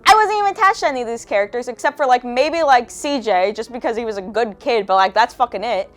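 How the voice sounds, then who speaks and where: A woman's voice: a little high, animated, fast talker, faint music behind. A young woman giving a casual commentary rant as a video essayist, profane, sarcastic and exasperated.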